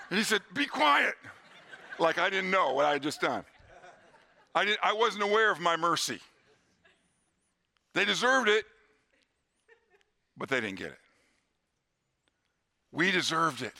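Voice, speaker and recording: A middle-aged man delivers a Sunday sermon with a bright, forceful voice. He preaches earnestly and slows down to a near hush on the lines he wants to land. His pitch sits right in the ordinary male middle. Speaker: pastor.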